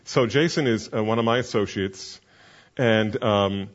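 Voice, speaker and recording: A man's voice: on the low side, a little slow, muffled recording. A man who is a pastor and counseling mentor, teaching a class in an earnest, conversational way with many fillers.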